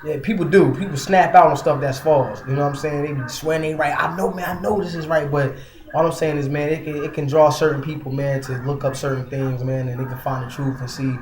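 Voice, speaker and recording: A man giving a casual religious monologue online, soft in tone but emphatic and scolding, full of fillers like "man" and "you know". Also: a little high, flat delivery, a little fast, roomy sound, a crowd in the background. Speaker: online preacher.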